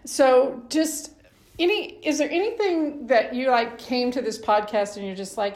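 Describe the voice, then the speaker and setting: Woman, podcast host, effusive and encouraging, slightly high pitch, roomy echo. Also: measured pace. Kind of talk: faith-based podcast conversation.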